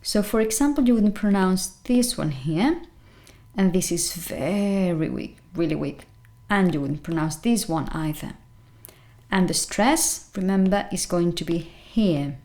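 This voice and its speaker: Woman language teacher, slow deliberate pronunciation, repeats each word. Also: on the low side, expressive, darkish tone. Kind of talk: pronunciation lesson.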